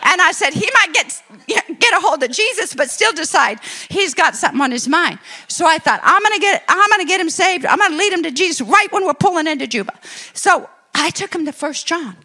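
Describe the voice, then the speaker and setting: A middle-aged woman preaching, telling a testimony story and acting out her own excited quotes. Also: very high voice, fairly quick. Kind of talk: sermon testimony.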